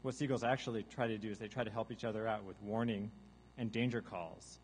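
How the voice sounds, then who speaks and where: A man giving a deadpan mock science lecture to a live audience, now and then breaking into loud seagull caws and zombie groans. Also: lowish voice, a little fast, slight background noise, poor audio. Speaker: guest artist presenting research. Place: large hall with a live audience.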